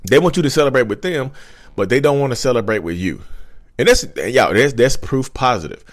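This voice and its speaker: A man's voice: medium pitch, lively intonation, brisk. A man in his thirties hosting a casual vlog, talking animatedly and repeating himself while speaking straight to his viewers. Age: 30s. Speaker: YouTube host.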